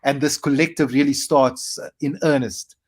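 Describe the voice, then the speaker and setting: A South African man in his forties, a comedian guest, telling animated stories with quick asides. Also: mid-range voice. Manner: animated anecdotes with quick asides and playful acted quotes. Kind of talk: storytelling interview.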